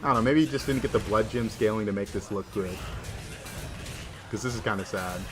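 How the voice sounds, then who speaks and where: Man, Southern US accent, casual livestream commentary, lowish voice. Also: brisk, music in the background. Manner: chatty, filler-heavy with "like". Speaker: game streamer.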